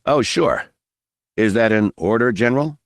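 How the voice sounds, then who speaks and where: A man's voice: medium pitch, animated, moderate pace, dry recording, studio quality, pitched above the performer's own voice, natural voice. A male narrator voicing a nervous, sarcastic young soldier who cracks jokes under pressure. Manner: sarcastic, jittery quips.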